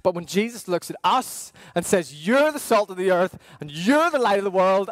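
A man preaching a sermon as pastor, earnest and questioning, with emphatic pauses. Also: high-pitched, big pitch swings, no room sound.

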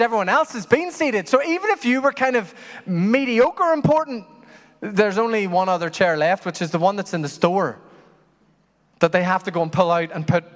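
A man preaching a sermon as pastor, telling stories in an animated way that swings from loud to hushed. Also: high voice. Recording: long hall reverb.

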